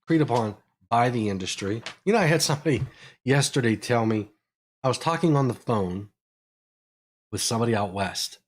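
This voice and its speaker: A man from Pittsburgh with a Pittsburgh accent, hosting a live technical Q&A and explaining electrical code in quick, energetic bursts with frequent fillers. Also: mid-range voice. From Pittsburgh, USA. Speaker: electrical engineering educator.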